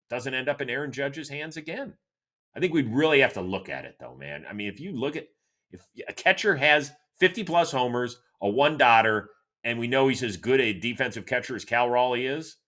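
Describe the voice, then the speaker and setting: A middle-aged man from Cleveland hosting a solo sports show, answering listener questions in an animated, chatty storytelling way. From Cleveland, Ohio, USA. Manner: animated, chatty storyteller with lively swings in pitch. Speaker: host.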